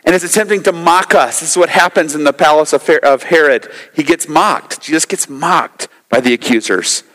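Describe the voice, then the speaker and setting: A man with a high voice preaches emphatically, hammering home phrases through repetition. His sermon rings with the long reverb of a large hall. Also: normal speed, fairly bright tone. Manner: emphatic, repeats phrases for effect. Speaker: pastor.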